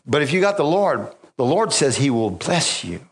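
A man's voice: mid-range voice, very animated, moderate pace. A man preaching a sermon, mixing scripture with personal stories, frequent hallelujahs and call-outs to the congregation, and chuckling often. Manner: swings between loud exclamations and quiet asides. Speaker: pastor.

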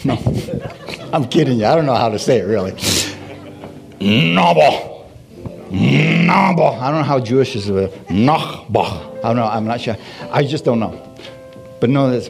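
A man preaching a sermon with energy, asking the congregation questions and repeating "Hallelujah" as he goes. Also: mid-range voice. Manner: animated preaching with call-and-response, repeated "Hallelujah". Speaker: pastor. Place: church service. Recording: faint music behind.

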